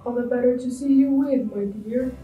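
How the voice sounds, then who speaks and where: A woman voicing a hungry, sly, wicked male wolf in a storybook reading, speaking in a low, slow, menacing drawl. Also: dark tone, roomy sound, far from the mic, faint music behind, close to an everyday voice, low-quality recording.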